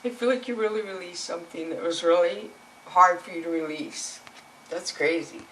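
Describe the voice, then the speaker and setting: A woman's voice: lowish voice, moderate pace, a bit bright, far from the mic, a little hiss or hum, rough recording. A woman reading tarot cards to camera, emotional and earnest, speaking straight to the viewer. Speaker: tarot reader.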